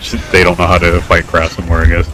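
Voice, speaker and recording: A man's voice: low-pitched, completely flat delivery, fast talker, poor audio. A man streaming a game while talking on voice chat, wry and grumbling, swearing as he plays. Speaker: gamer streaming a raid. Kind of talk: casual gaming voice chat. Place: online voice chat while gaming.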